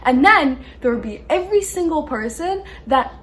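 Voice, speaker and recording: A woman vlogger chatting casually, laughing often and getting animated when she retells arguments. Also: high voice, normal speed. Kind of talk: casual chat.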